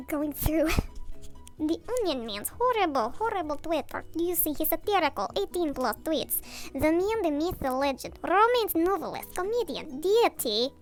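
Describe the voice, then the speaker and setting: A woman's voice: sits high, a bit bright. A sleep-deprived young woman rambling and ranting late at night in her bathroom, swearing and cutting herself off, her voice sped up. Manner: rambling, swearing, self-interrupting, giggly. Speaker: vlogger.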